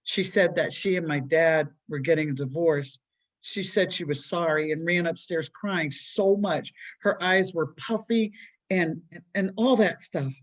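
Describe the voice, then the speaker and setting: A woman's voice: on the low side, unhurried. A woman voicing an upset young boy who blames himself for trouble at home, speaking tearfully. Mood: sad. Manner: tearful, pleading.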